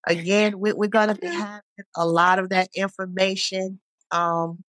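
Halting podcast host with a dry sound. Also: medium pitch, little pitch movement, no room sound. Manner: warm, halting, many fillers. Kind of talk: conversational interview.

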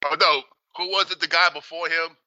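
A man in his forties, a podcast co-host, telling stories in a profane, animated, casual way. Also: on the high side, fairly quick, dry recording, highs cut off. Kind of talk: casual chat.

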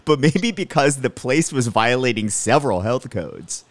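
A man's voice: medium pitch, expressive, normal speed, no echo. Blunt, exasperated podcast man. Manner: blunt, exasperated, swears freely. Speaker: podcast co-host. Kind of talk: casual movie-review chat.

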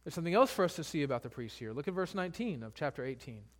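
A man's voice: fairly high pitch, expressive, rapid-fire. A male pastor preaching a sermon, retelling scripture in casual everyday speech.

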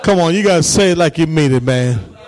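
A man preaching as a pastor, calling out to his congregation and swinging between shouted lines and quiet asides. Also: a little high, expressive, a little fast, a faint crowd. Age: adult, married parent. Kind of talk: sermon.

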